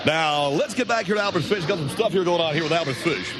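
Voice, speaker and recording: A man playing a brash, excitable male fill-in radio host in a comedic radio bit, talking like a carnival barker. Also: fairly high pitch, heavy background noise, voice pushed up, natural voice. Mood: hyped. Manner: hyped carnival-barker delivery, rapid-fire.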